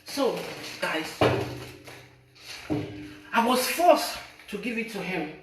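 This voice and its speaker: A woman's voice: medium pitch, expressive, slow pace, roomy sound, recorded from a distance, heavy background noise. A woman with a Nigerian accent, mixing Pidgin and English as she tells viewers a painful personal story in an accusing, pleading way. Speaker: social media personality. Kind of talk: emotional personal confession to viewers.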